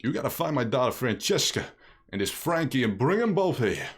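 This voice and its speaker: A man voicing a gruff, bossy male mob boss in a slow, clipped tough-guy gangster drawl. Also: mid-range voice, sing-song, a little hiss or hum. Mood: scheming.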